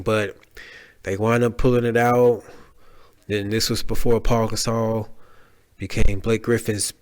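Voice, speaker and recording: A man's voice: on the low side, little pitch movement, moderate pace, pauses often. A man hosting a solo podcast, talking casually with slang and restarts, heartfelt and rambling. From Dallas area. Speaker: podcast host.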